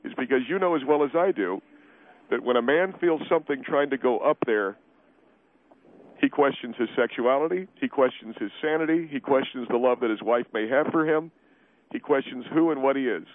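A man's voice: mid-range voice, fairly quick, no room sound, phone-quality sound, lightly acted. A man voicing a defensive, blustering middle-aged male steakhouse owner who keeps repeating himself in a radio comedy bit. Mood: indignant. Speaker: guest.

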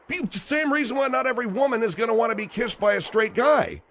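A man's voice: very high-pitched, fast, fairly bright tone, a little hiss or hum. A man hosting a radio phone-in show, questioning his guest in a needling, incredulous way. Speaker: radio talk show host.

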